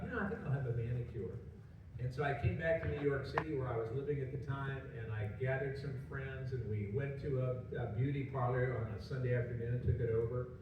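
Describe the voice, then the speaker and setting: A man's voice: medium pitch, dull audio. An older man from rural Illinois telling a rambling, wry anecdote on a festival panel, hesitant with many fillers. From rural Illinois, USA. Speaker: panel guest. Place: large convention hall panel room. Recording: echoey hall, distant mic, background noise.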